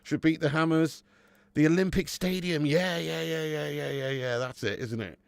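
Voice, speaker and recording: Swearing, joking football stream host. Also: male voice, on the high side, moderate pace, gravelly, no echo. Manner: banter-heavy, swears and laughs, reads chat aloud. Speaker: livestream host. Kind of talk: casual football watch-along chat.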